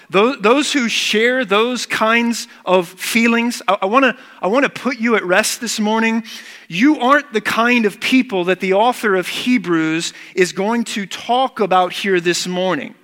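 A man's voice: high-pitched, unhurried, a bit bright, in a large hall. A man preaching a sermon as pastor, earnest and emphatic, repeating key words.

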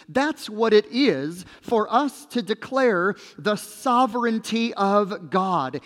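A man with a high voice preaches in a measured, emphatic way, letting his phrases sink low at their ends. His unhurried sermon rings through a church sanctuary with long reverb. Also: expressive. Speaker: pastor.

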